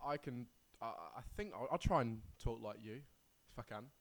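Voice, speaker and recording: A man co-hosting a casual podcast who giggles and blurts out remarks, dropping to mumbles between louder outbursts. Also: medium pitch, normal speed, vocal fry, slight background noise. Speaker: podcast co-host. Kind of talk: casual chat.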